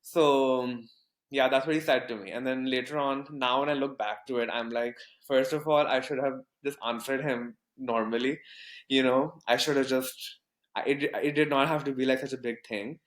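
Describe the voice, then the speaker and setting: A man's voice: medium pitch, steady tone, moderate pace, reverberant. A young man from Pakistan, a podcast guest telling a story casually with lots of fillers and restarts. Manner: rambling, many fillers and restarts.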